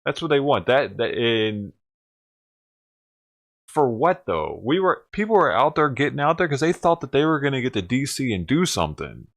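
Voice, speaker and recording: A man rants on a livestream, his voice swinging widely up and down as he mocks and swears. His pitch sits in the middle for a man, and his delivery is sarcastic and heated. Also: big pitch swings, moderate pace. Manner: sarcastic, profane, mocking. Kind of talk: ranting livestream commentary.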